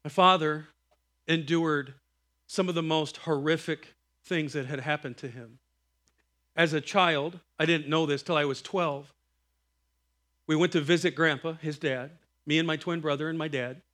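A man's voice: fairly high pitch, unhurried. A middle-aged man preaching a sermon, telling family stories and acting out the voices in them. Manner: animated, acts out quoted voices, breaks into laughter. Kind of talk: sermon storytelling.

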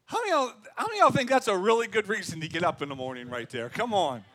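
A man preaching a sermon as pastor, talking in a lively, conversational way and acting out quotes. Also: high-pitched, very fast, no echo.

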